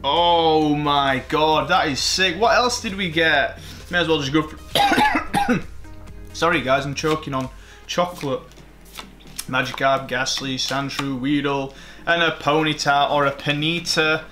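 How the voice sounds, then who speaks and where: Excitable man opening card packs. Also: on the high side, a little slow, faint music behind. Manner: excitable, swears, mocks himself. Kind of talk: casual commentary while opening packs.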